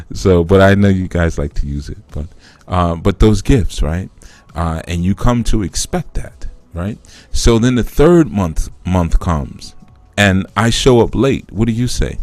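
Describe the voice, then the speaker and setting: A man's voice: low-pitched, expressive, a little slow, darkish tone, no echo. A man hosting a live spiritual teaching talk, explaining through a conversational parable that he acts out.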